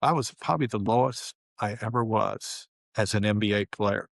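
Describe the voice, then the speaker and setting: A man's voice: lowish voice, moderate pace, gravelly, no echo, studio quality. A man, telling a candid, colorful story as an interview guest. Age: 70s. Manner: candid, relaxed, colorful, with frequent fillers. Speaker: guest, former pro basketball player.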